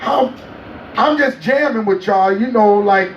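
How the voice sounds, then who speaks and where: A man telling a story in an interview, animated and laughing often as he acts out what people said. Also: high-pitched, measured pace, roomy sound, recorded from a distance, highs cut off, a little hiss or hum. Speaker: interview guest.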